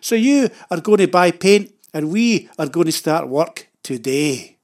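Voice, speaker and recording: A man with a Scottish accent voicing his sharp-tongued, bossy wife in a told story, with clipped, scolding lines. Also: fairly high pitch, expressive, a little slow.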